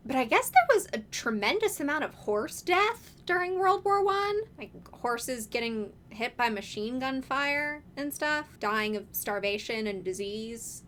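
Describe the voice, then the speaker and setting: A woman's voice: high-pitched, big pitch swings, a little slow, hardly any pauses, fairly bright tone, a little hiss or hum. A woman hosting a casual video essay, talking in a chatty, wry way with lots of casual fillers.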